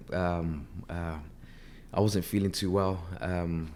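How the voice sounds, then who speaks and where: A man who has lost his voice speaks hoarsely as an interview guest, earnest and often repeating words as he starts a sentence. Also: deep voice, fairly even intonation, slow, a little mellow. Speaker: artist manager, guest. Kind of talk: casual interview talk.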